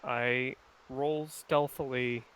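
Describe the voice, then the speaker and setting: A man's voice: mid-range voice, fairly even intonation, extremely slow, fairly bright tone, rough recording. A man playing a tabletop game, hesitant and unsure as he describes his moves. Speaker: player.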